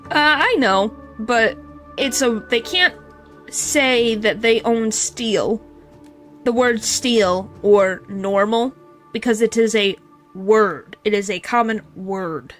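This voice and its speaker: A woman's voice: a little high, takes it slowly, soft background music. A woman streamer giving casual gameplay commentary, chatty and joking as she reads game dialogue aloud.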